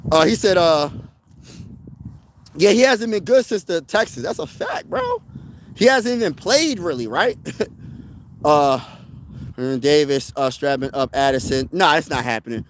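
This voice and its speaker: A man hosting a casual sports talk stream outdoors, answering his chat in an excitable, slangy way and repeating himself for emphasis. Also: a little high, measured pace, long pauses, slight background noise, poor audio. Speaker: sports channel host. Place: outdoors, windy.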